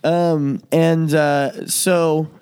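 A man hosting a podcast, telling a story to friends in a casual way, swearing and laughing often and jumping into loud, high voices when he quotes people. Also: flat delivery, extremely slow, clear, resonant tone. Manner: profane, laughing often while he tells the story. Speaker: podcast host.

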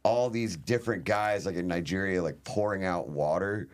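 A man's voice: low-pitched, moderate pace. A man, a comedian guest, rambling and laughing through a casual comedy chat. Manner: rambling, laughing, fond of put-on accents.

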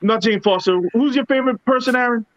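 A man's voice: very high-pitched, fast talker, a bit bright, dry recording. A man co-hosting a podcast, ranting in a heated, profane way. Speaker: podcast co-host. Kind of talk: casual podcast rant. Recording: dull, dry lo-fi sound.

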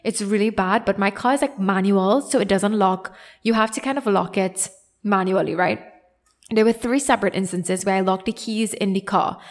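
A young woman with a Trinidadian accent tells a story on her podcast. She talks casually and with lots of animation, pokes fun at herself, and acts out the voices of the people she quotes. Her pitch sits in an ordinary middle range. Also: normal speed. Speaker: podcast host.

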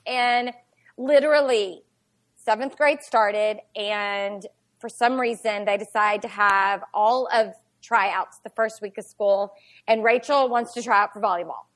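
A woman, telling a family story in a chatty, animated podcast conversation. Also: mid-range voice, unhurried. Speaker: podcast guest. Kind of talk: casual storytelling chat.

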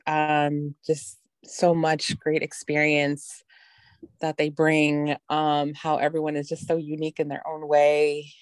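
A woman on a nonprofit team speaking sincerely and in a measured way, with many pauses and ums. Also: sits low, darkish tone, dry recording, clean studio sound. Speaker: nonprofit program staff. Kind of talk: casual reflective chat.

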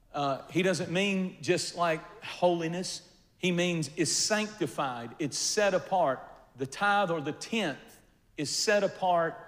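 An older man preaching a sermon, telling a funny personal story with animated swings between quiet asides and loud bursts. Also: high-pitched. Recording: long reverb of a large hall.

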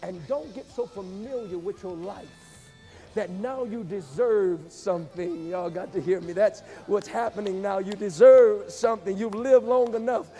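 A pastor man delivering a sermon with a notably high-pitched voice that stays mellow and dark in tone. He swings between emphatic, shouted lines and quiet, hushed passages, with faint music playing underneath. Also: normal speed. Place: church.

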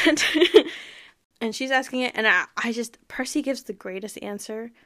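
A woman's voice: a little high, normal speed, sharp tone. A woman hosting a podcast, giving a casual, chatty recap of a book and its TV show, often breaking into laughter. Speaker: podcast host.

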